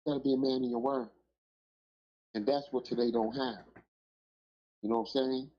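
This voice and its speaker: A man's voice: medium pitch, steady tone, normal speed. A middle-aged man telling stories on a podcast in a profane, rambling, emphatic way that is full of filler phrases. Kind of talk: casual podcast storytelling. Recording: dull lo-fi audio.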